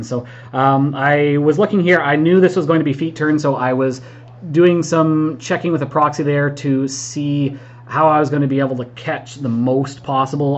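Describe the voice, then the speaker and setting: A man's voice: mid-range voice, fairly even intonation, moderate pace, muffled recording. Chatty man recapping his wargame match. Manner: chatty, self-critical, frequent ums and mm-hmms. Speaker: tabletop wargame player commentating his match. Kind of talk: voice-over game recap commentary.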